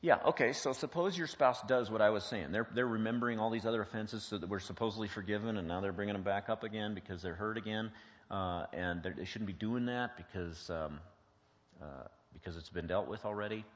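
A man's voice: fairly low pitch, a little fast. A man teaching an informal Christian marriage class, plain-spoken and quizzing the group with rhetorical questions. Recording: dull lo-fi sound with long reverb.

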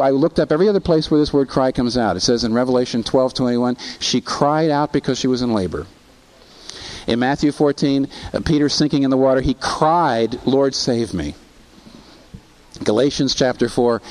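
A man's voice: medium pitch, darkish tone, poor audio. A man preaching a sermon, asking rhetorical questions and quoting scripture, with rising intensity. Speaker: pastor.

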